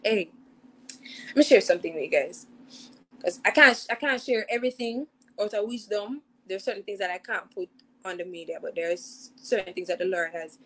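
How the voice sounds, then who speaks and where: A woman's voice: medium pitch, moderate pace, husky, rough recording. A young woman with a Jamaican accent, hosting a youth show and sharing a personal testimony in an earnest way, repeating phrases for emphasis.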